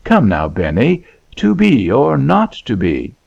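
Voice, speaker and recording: A man's voice: medium pitch, wildly swooping pitch, slow, vocal fry, darkish tone, husky, muffled recording, full character voice. A man voicing a boy coaxing his little brother to recite.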